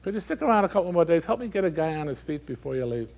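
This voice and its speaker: A man's voice: on the high side, very animated, racing, vocal fry, a little mellow. A man voicing a plain-spoken small-town doctor in a stage monologue, matter-of-fact and confident.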